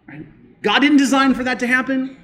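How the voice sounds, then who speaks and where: A male pastor preaches emphatically in a steady, slightly bright voice. He rises on key points, then goes low and slow to drive them home.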